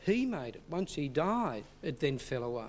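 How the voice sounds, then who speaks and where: An Australian man appearing as a guest on a talk show, telling relaxed stories. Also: on the high side, moderate pace, slight background noise. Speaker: chef and guest.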